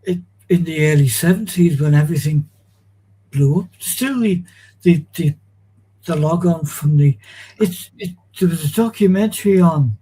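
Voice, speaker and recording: A man's voice: a little high, normal speed, mellow, breathy edge, poor audio. A man, a guest on a chat show, reminiscing in a rambling, digressive way with many restarts.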